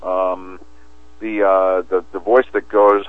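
A man with a very low voice talks casually as an interview guest, circling with restarts and fillers. The sound is thin and phone-like, with no room echo. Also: level tone, slow. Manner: rambling, many restarts and fillers. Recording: tinny phone line, dry.

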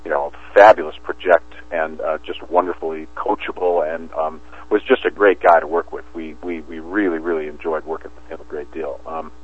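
A man's voice: very deep voice, steady tone, fairly quick. A man talking as an interview guest in a rambling way, with many restarts and fillers. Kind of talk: casual interview talk. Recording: tinny phone line, dry.

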